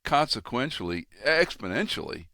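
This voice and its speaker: A man in his sixties hosting a conversation, telling stories with lively acted-out quotes. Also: mid-range voice, normal speed, gravelly, no room sound, studio quality. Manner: animated storyteller, acts out quoted voices. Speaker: podcast host and pastor. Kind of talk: casual conversation.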